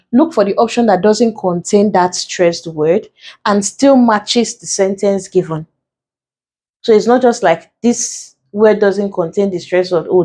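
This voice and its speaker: A woman's voice: mid-range voice, a little mellow. A woman teaching an exam prep lesson, going through the steps one at a time and repeating the key points. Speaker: exam tutor.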